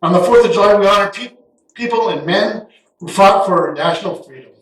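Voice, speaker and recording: In a big, echoing church sanctuary, a middle-aged guest pastor gives an animated, homespun sermon, now and then voicing Bible characters quickly. His voice is pitched high for a man, and it is captured from some way off.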